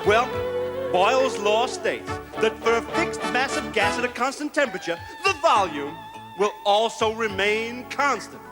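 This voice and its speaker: A man's voice: sits high, lively intonation, unhurried, loud music behind the voice. A man playing a smarmy, ingratiating male club comedian with brash stand-up patter and corny punchlines.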